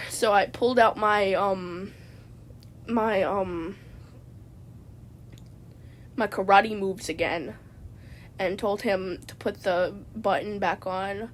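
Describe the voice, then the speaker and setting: A woman's voice: mid-range voice, fairly even intonation, slow pace, pauses often, slight background noise. A woman vlogger telling a rambling comedic story from inside a parked car, stammering and tacking "man" onto her sentences.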